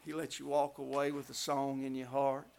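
A man preaching a revival sermon, telling stories and building to loud climaxes. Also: medium pitch, monotone, moderate pace, creaky.

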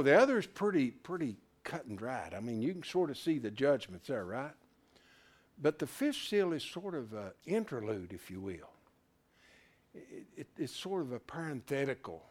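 A man's voice: mid-range voice, a little mellow. A man teaching scripture to a class in a folksy, interactive sermon style, asking questions and joking along the way. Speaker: Bible study teacher.

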